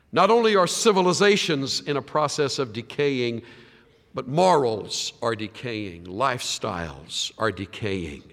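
A man preaching a sermon, swinging from loud, emphatic lines to hushed, quiet ones. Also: medium pitch, big-room sound. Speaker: pastor.

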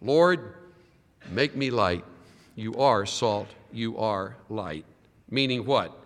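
A man preaching a sermon, swinging from loud, emphatic lines to hushed, quiet ones. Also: lowish voice, expressive, slow, in a large hall. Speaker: pastor.

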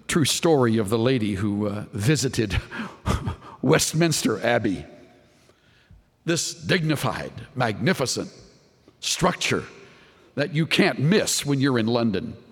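A man preaching a sermon, earnest and searching, asking his listeners rhetorical questions and dropping low on the tag questions. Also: big-room sound.

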